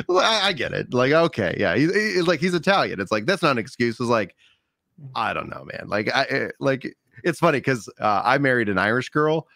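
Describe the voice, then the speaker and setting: A man's voice: medium pitch, very animated, normal speed, fairly bright tone, dry recording, studio quality. A man with a light Texan accent, co-hosting a podcast, chatting casually and laughing often as he jokes. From United States. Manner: laughs often, loose joking delivery. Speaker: podcast co-host and stand-up comedian. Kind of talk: casual chat.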